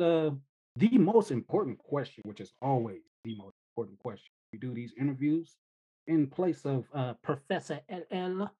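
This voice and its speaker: Joking male co-host, husky voice with a lively, swooping pitch. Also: normal speed, no echo, phone-quality sound. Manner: jokey, animated. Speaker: podcast co-host. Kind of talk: joking podcast chat.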